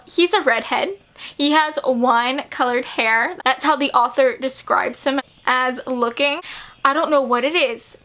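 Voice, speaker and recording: A woman vlogger talks casually about books she loves, gushing and giggling as she goes. Her voice sits high and sounds bright and sharp. She often stumbles over fillers and restarts as she gets excited. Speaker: book vlogger. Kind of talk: casual chat to camera.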